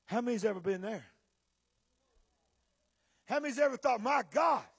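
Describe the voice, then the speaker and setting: A male preacher, giving a sermon with bursts of shouting and drawn-out emphasis to a church audience. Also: extremely high pitch, expressive, vocal fry, slightly rough, dry recording, muffled recording. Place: church or conference hall with audience.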